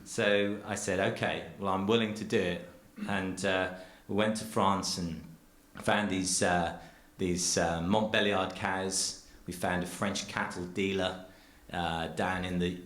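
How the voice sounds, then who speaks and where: A dairy farmer and cheesemaker giving an earnest, rambling public talk full of restarts, speaking from a theatre stage. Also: male voice, deep voice, fairly bright tone, roomy sound.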